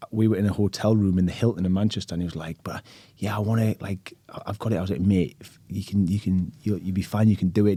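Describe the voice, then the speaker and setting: A man talks at a rapid clip in a low, dark voice. He spins stories casually on a podcast, acting out the voices of the people in them. The sound is close and dry. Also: slightly rough, no echo. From England. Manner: animated storyteller, acts out other people's lines, swears casually. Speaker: guest.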